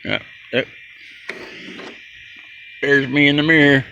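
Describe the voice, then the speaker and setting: Low-voiced man chatting casually outdoors. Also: a little slow, creaky, pauses often, bright, forceful tone, a little hiss or hum. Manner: chatty, coos at birds in a raised playful voice. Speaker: vlogger. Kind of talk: casual handheld vlog. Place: outdoors near his truck.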